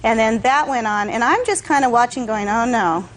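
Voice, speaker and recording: A woman's voice: on the high side, moderate pace, poor audio. A woman testifying as a defendant in court, telling her side in long detailed stories and acting out what others said.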